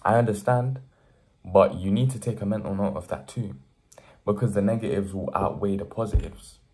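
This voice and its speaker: This is a direct-to-camera motivational talk from a young vlogger who earnestly champions hard work and builds to emphatic pushes. He has a lowish voice with a darkish tone and speaks at normal speed.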